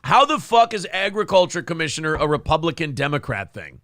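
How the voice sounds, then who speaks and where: A man's voice: a little high, big pitch swings, fairly quick, a bit bright, no echo, clean studio sound. A man hosting a live show, chatting casually with crude jokes and rambling asides. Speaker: host. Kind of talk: casual live-stream commentary.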